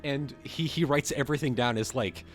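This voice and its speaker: An excitable man rambles through a casual livestream chat, breaking into laughter often. His voice sits at an ordinary middle pitch. Faint music plays softly behind him. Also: fairly quick. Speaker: co-host.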